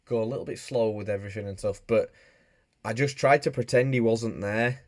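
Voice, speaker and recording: A man's voice: lowish voice, steady tone, brisk, dry recording, studio quality. A man from Bradford with a Yorkshire accent, chatting casually and jokily on a live stream while he reads out viewer comments. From Bradford, England. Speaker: motorbike streamer.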